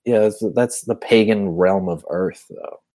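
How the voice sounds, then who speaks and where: A man co-hosting a podcast, talking in a laid-back way with quick asides. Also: on the low side, warm tone, dry recording. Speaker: podcast co-host. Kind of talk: casual chat.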